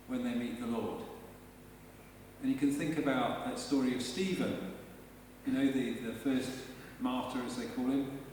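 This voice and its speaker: A man's voice: medium pitch, darkish tone, slight background noise. Man preaching in an echoey church. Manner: conversational and emphatic, with rhetorical questions. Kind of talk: live sermon. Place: large church, indoors. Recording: echoey church hall from far off.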